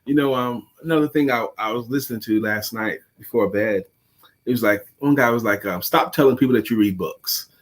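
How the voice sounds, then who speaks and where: A man's voice: medium pitch, fairly quick. A man co-hosting a live talk show, speaking casually and reflectively about reading and personal growth. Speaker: co-host, sales coach. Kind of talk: casual chat.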